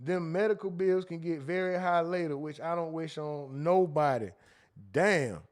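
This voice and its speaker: A high-voiced man hosts a livestream and reads his chat aloud. His talk is loose and crude, and he often cracks himself up over his own slips. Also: moderate pace. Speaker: livestream host. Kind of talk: casual livestream commentary reading chat.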